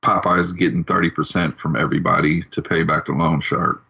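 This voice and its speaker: A man's voice: very deep voice, steady tone, fairly quick, gravelly, bright, forceful tone, slightly rough. A man co-hosting a movie podcast, chiming in with short comments. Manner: brief interjections and laughs. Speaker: podcast co-host. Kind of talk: casual movie chat. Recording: dull lo-fi audio.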